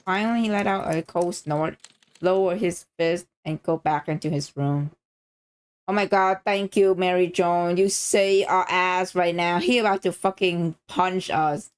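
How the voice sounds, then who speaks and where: A woman streamer reading a story game aloud, reacting excitedly and swearing freely between lines. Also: lowish voice, measured pace, clean tone.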